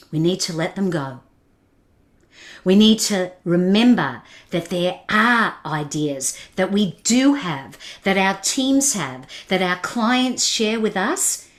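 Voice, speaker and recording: This keynote speaker has a fairly low-pitched voice. Giving a motivational talk by webinar, she puts questions and challenges straight to her listeners and laughs along with their comments.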